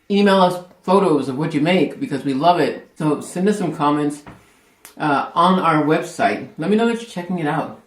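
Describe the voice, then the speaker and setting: A man hosting a casual cooking vlog in a kitchen, chatty and rambling, laughing as he tastes. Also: fairly high pitch. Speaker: cooking show host. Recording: echoey room.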